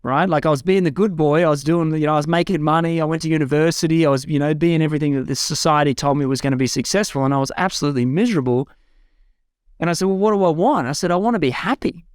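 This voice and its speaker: A man's voice: on the high side, fast, clear, resonant tone, dry recording, studio quality. A man, a guest telling his life story in a frank, earnest way. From Australia. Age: 40s. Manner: earnest, frank storytelling that lifts into excited self-quotes. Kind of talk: personal life story told in conversation. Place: home room with a bookshelf.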